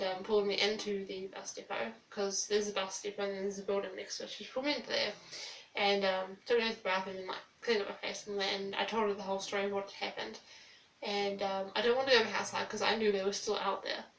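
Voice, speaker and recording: A young woman, quietly and hesitantly recounting a personal story with many fillers. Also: medium pitch. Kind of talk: storytime vlog. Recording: distant mic in echoey room with faint hiss.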